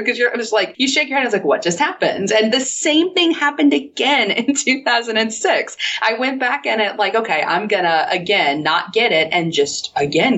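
A woman's voice: mid-range voice, a bit bright. A woman co-hosting a podcast, talking casually and thoughtfully and laughing often. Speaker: podcast co-host. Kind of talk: casual conversation. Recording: dull, slightly noisy line.

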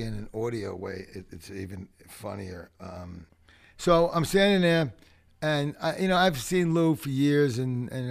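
A man, a podcast guest telling profane, animated stories. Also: medium pitch, gravelly. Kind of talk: storytelling chat.

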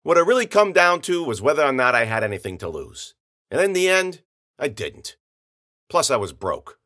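A man narrating a hard-boiled first-person story in gritty, slangy speech with rough grammar. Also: mid-range voice, very animated, moderate pace, sharp tone.

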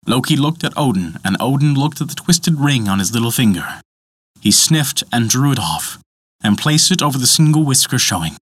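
Expressive male storyteller, dry close sound. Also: mid-range voice, normal speed, slightly rough, dry recording. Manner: dramatic, expressive. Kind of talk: storybook narration.

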